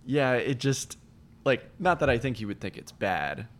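A man's voice: mid-range voice, big pitch swings, moderate pace, a bit bright. A man co-hosting a podcast in casual chat, rambling and laughing often. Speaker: podcast co-host.

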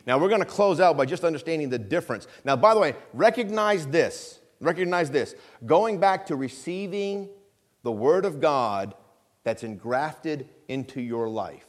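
A middle-aged man preaching a conversational sermon in a church, often checking in with the congregation and slowing down to stress scripture. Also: a little high, expressive. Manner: conversational preaching with frequent call-and-response checks; slows down to stress scripture phrases. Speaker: pastor. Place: church sanctuary.

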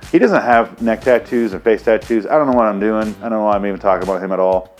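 A man's voice: fairly low pitch, racing, darkish tone, soft background music. A man from Michigan hosting a comedy channel, ranting to camera in a sarcastic, profane, rambling way.

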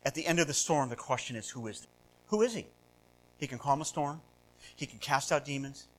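A male pastor preaching a sermon, asking rhetorical questions and swinging between loud, animated passages and hushed ones. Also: mid-range voice, fairly quick, poor audio. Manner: rhetorical questions, repeats words.

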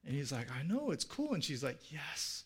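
A man's voice: a little high, big pitch swings, normal speed, slightly rough. A middle-aged man preaching a sermon in a casual storytelling way, full of fillers and restarts, lifting his voice for the people he quotes. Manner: acts out quoted speech in a livelier voice. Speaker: pastor.

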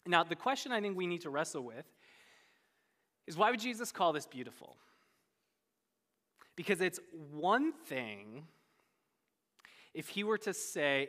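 A pastor preaching a sermon with animated storytelling, often repeating words as he starts sentences. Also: a little slow, long reverb tail. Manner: animated storytelling, voices quoted speakers with big pitch jumps.

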